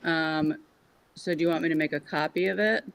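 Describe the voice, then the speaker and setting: A woman's voice: sits low, a little fast, gravelly, background noise. A woman on a video call who fumbles with her computer and keeps asking for a second. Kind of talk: casual video-call meeting.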